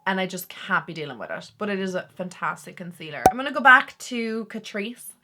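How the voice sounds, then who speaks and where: A woman's voice: medium pitch, lively intonation, very noisy. A young woman with a chatty, enthusiastic manner, casually reviewing makeup products to camera. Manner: chatty, enthusiastic, quick asides. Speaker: beauty vlogger.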